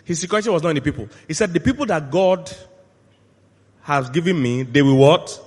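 A male pastor preaching a sermon, asking the congregation to finish his lines and swinging from quiet asides to loud shouted peaks. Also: a little high, expressive, brisk, slightly rough. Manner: call-and-response questions to the congregation. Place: church hall. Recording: long hall reverb.

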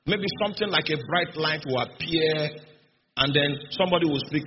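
A man's voice: fairly high pitch, moderate pace. A male preacher teaching a sermon, stressing his key phrases through repetition and often checking in with the audience. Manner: emphatic, repeats key phrases. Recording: dull, noisy recording in an echoey hall.

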